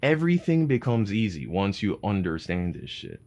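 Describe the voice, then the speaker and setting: A young adult man giving casual parenting advice to his viewers, animated, swearing freely and calling them bro. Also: fairly low pitch, moderate pace.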